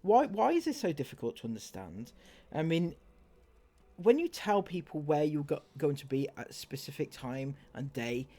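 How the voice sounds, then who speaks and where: A man's voice: fairly high pitch, sing-song, moderate pace, dark tone. Sarcastic man mocking a clip. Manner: mocking, sarcastic, laughs at the clips. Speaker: commentary YouTuber. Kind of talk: sarcastic reaction commentary.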